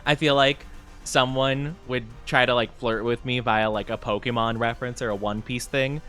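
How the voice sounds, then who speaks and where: A young man chatting casually on a live stream, rambling and self-deprecating, often jumping into high squeals. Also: steady tone, normal speed, fairly bright tone, soft background music.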